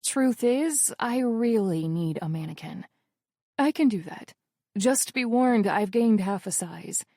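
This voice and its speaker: Woman reading a snarky friend, teasing and dry, bouncy pitch, audiobook. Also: animated, takes it slowly, mellow, dry recording. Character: blunt sarcastic young woman friend.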